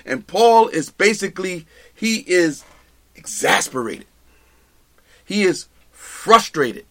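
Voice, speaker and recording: A man's voice: sits high, expressive, slow. A man teaching a live Bible study, emphatic and repetitive, often restarting his phrases and checking in with listeners. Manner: addresses listeners directly with "okay?".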